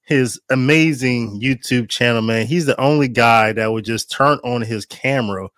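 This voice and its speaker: A man's voice: medium pitch, normal speed, fairly bright tone, no room sound, studio quality. A man hosting a casual interview, easygoing and friendly. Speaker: interview host.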